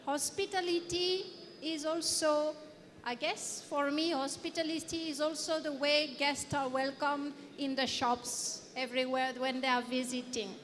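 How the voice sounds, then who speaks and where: A woman's voice: high-pitched, steady tone, unhurried, a bit bright. French-accented woman lecturing in a hall. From France. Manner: playful, quizzing the audience. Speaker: guest lecturer. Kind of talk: interactive lecture to an audience. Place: conference hall. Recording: reverberant hall.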